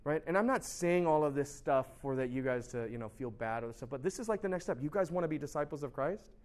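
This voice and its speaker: A man giving a casual, animated sermon as a pastor, often asking "right?" and laughing at himself. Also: fairly high pitch, fast. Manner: chatty, animated, constant rhetorical "right?"; laughs at himself, shouts for emphasis.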